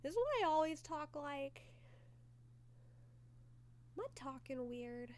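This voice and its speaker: A woman's voice: high-pitched, big pitch swings, slow, darkish tone. A sick, congested woman chatting casually on a livestream, giggly and joking crudely. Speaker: streamer hosting a movie watchalong.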